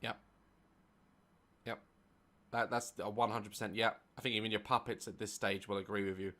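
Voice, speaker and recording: A woman's voice: a bass voice, steady tone, normal speed, a bit bright, soft background music. A woman hosting a comedic reaction video, sarcastic and incredulous.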